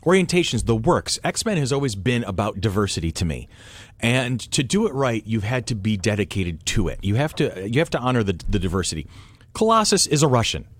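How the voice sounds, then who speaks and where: Animated man hosting a panel chat. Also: lowish voice, dry recording. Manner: animated, halting with many restarts. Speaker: podcast host. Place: convention panel room.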